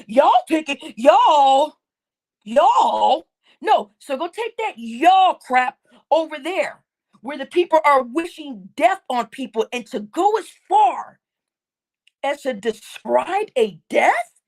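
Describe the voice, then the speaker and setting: A high-voiced woman hosts a livestream and rants in heated indignation at her viewers. She scolds them and stacks up repeated phrases as she hammers each point home. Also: expressive, takes it slowly. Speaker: livestream host.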